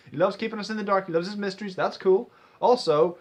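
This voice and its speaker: A young man excitedly rambling through a casual movie trailer reaction, swearing freely and restarting his sentences. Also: high-pitched, fast. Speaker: vlogger.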